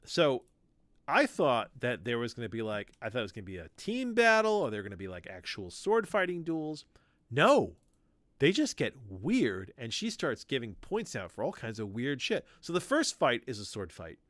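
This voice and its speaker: A man of ordinary pitch hosts a casual podcast from home. His voice rises and falls a lot as he acts out quoted lines and swears with enthusiasm. The sound is dry and close, with no room echo. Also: huge pitch swings, normal speed, a bit bright. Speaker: podcast host. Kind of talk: casual chat about comics.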